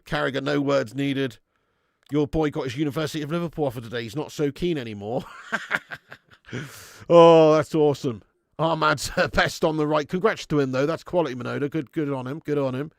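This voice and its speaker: A man's slightly high, creaky voice moves briskly as he hosts a live football watch-along on his fan channel. Sweary and animated, he reads messages from viewers aloud. The sound is dry and studio quality.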